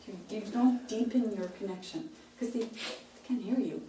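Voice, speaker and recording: A woman's voice: medium pitch, normal speed. Woman workshop coach, demonstrative, breaks lines into chunks; echoey room, distant mic. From Canada. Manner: demonstrative, chops phrases into short chunks. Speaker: pronunciation coach. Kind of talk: workshop talk. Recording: roomy sound from a distant mic, faint hiss.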